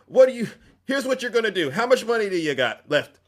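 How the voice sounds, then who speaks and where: A man's voice: high-pitched, sing-song, brisk, voice pushed up. A man voicing a scheming foreign strongman in a joke, curt and calculating.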